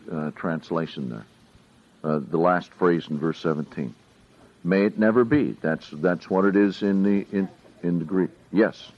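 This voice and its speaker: A man teaches scripture verse by verse, unhurried and full of questions for his listeners. His pitch rises and falls in a lively way. The recording sounds dull and lo-fi. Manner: slow and questioning, asks the audience often. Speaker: pastor teaching a Bible study.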